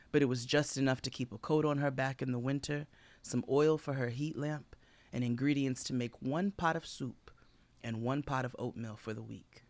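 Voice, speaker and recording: A man's voice: medium pitch, no room sound. A man co-hosting a comedy podcast, telling a made-up history tale as a mock-solemn storyteller. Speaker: podcast co-host. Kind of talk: comic tall-tale storytelling.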